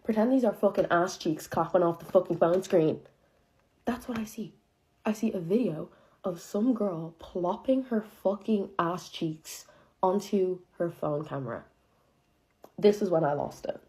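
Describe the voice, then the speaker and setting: A woman's voice: on the low side, unhurried, warm tone. A young woman telling a dramatic personal story in a casual, profane way, full of filler words and disbelief. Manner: profane, chatty, heavy use of filler "like"; incredulous, dramatic retelling.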